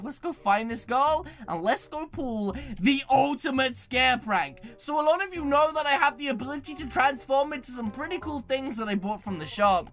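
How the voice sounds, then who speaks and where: A woman giving excitable gaming commentary, reacting with dramatic exclamations. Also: high voice. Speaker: gaming YouTuber.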